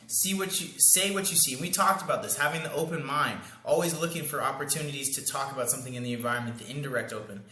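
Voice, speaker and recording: Animated young man coaching in an echoey room. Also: medium pitch, fast, few pauses. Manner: animated, slangy, acts out lines and sound effects. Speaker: dating coach. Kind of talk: casual coaching monologue.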